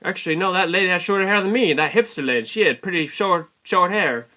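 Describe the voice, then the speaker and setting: Bright-voiced man rambling in a put-on Southern drawl. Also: high voice, fast. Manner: mock-folksy, rambling, self-correcting. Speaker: comic storyteller. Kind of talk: deadpan comic character monologue.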